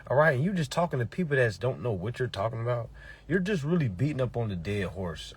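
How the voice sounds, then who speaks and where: A husky, medium-pitched man delivers a preachy motivational talk to his followers. He's emphatic and repetitive, with blunt swearing and frequent "all right?" tags.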